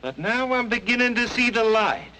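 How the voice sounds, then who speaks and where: A man's voice: extremely high pitch, big pitch swings, moderate pace, sharp tone, a little hiss or hum, exaggerated voice, low-quality recording. An actor playing a determined young Southern man in a 1940s film, pressing hard with an insistent manner. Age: young adult. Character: determined young swamp-country man, stubborn.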